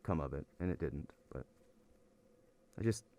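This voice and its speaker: A man's voice: extremely low pitch, expressive, moderate pace, dark tone, lo-fi sound. A man, an anthropology professor, talking in a casual podcast interview, rambling and worn out, often restarting his sentences. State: weary.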